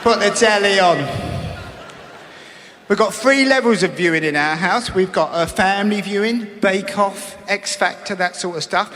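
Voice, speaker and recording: A middle-aged man doing a cheeky, wry stand-up routine, now and then bursting into shouted impressions. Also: sits high, normal speed, slight background noise. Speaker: stand-up comedian. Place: large comedy venue with live audience. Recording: echoey hall with audience laughter.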